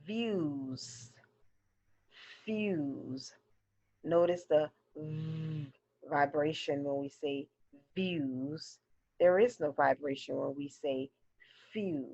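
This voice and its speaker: Woman teacher, low voice, unhurried phonics drill for kids, dull lo-fi recording. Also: fairly even intonation, a little mellow. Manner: slow, clearly drilled word pairs. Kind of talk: phonics lesson for children.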